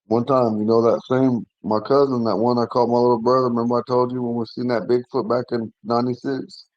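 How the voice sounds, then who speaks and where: A man in his forties, slightly hoarse, telling a long personal story in a casual, rambling way, often restarting and clearing his throat. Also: medium pitch, flat delivery, fairly quick, no room sound, lo-fi sound. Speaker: language class member telling a story.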